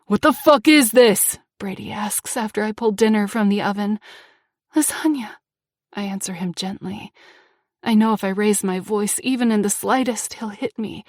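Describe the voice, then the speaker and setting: A young woman reading first-person audiobook narration with feeling, moving between tense passages and hushed ones. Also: mid-range voice, steady tone, moderate pace, dry recording, studio quality.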